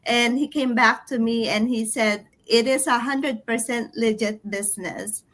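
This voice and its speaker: Slow, bright-voiced hesitant woman. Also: on the high side, steady tone. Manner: hesitant, halting. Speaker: guest. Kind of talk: casual chat.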